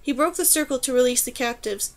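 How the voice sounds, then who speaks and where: A woman voicing a calm and knowing male duck mole who explains patiently and measures his words. The voice sits fairly high for a male creature. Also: fairly quick, close to an everyday voice. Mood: explaining.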